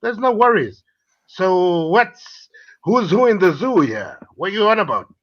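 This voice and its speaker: High, lively, bright-voiced abusive man. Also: unhurried, highs cut off. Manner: abusive, shouting insults, taunting. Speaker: caller. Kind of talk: heated live-stream argument.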